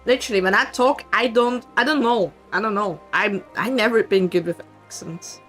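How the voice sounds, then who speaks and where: A woman's voice: mid-range voice, normal speed, a bit bright. A young woman with a light Swiss English accent chatting casually with her viewers during a game stream, playful and teasing. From Switzerland. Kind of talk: casual gaming stream chat. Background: faint background music.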